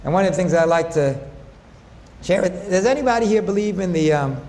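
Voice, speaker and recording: A man giving a faith-based health talk to an audience, animated, asking them questions and acting out both sides of conversations. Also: sits high, a little fast, slight background noise. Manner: animated, asks audience questions, acts out dialogue. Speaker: health lecturer. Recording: hall reverb with faint ambience.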